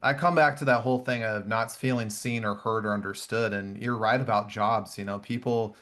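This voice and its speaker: A man's voice: lowish voice, moderate pace. A man hosting a podcast interview, speaking conversationally and acting out quoted voices when he retells a story. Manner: warm, animated storyteller who acts out voices. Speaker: podcast host.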